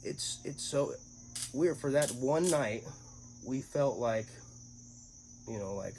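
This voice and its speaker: A man's voice: medium pitch, lively intonation, takes it slowly, darkish tone, a little hiss or hum, low-quality recording. A man co-hosting a podcast, telling a long story in a casual, profane way and acting out the other people's voices. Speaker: podcast co-host.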